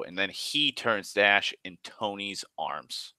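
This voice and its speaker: A man giving a rambling, profane recap of a film, excitable and full of restarts. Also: lowish voice, unhurried, few pauses, dry recording. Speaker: movie vlogger.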